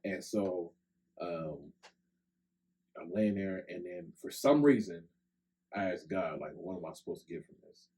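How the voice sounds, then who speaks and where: A man's voice: low-pitched, a little slow, pauses often, dark tone, poor audio. A young man telling a long personal story on a podcast, in a loose conversational way full of "like" and "right?". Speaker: podcast co-host. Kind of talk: casual storytelling chat. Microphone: podcast microphone.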